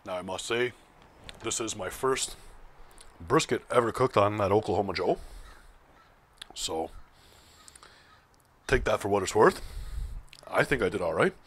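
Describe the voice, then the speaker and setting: Low-voiced man chatting through a cooking vlog. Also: a little slow, pauses often, breathy edge. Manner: relaxed, chatty, talks while slicing and tasting. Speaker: barbecue video host. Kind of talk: casual cooking vlog narration.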